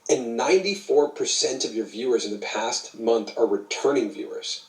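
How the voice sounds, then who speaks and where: A man's voice: medium pitch, moderate pace, recorded from a distance. Enthusiastic male interviewer in echoey room. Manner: enthusiastic, citing stats, filler-heavy. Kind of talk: interview questions. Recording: echoey room, away from mic.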